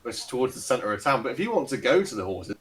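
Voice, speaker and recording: A man's voice: mid-range voice, very animated, quick pace, distant mic, background noise. A man narrating a tabletop game as dungeon master, hesitant and often laughing.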